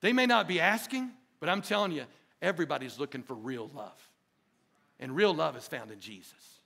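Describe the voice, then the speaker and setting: Man, pastor, sermon, high voice, gravelly, call-and-response. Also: lively intonation, moderate pace. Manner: call-and-response preaching, rising to emphatic shouts.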